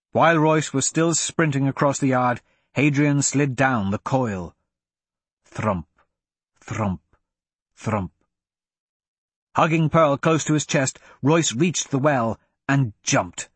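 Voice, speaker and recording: A man narrating a fantasy audiobook with a husky voice and lively, swinging pitch. The recording is dry and close. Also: slow pace, long pauses, no room sound.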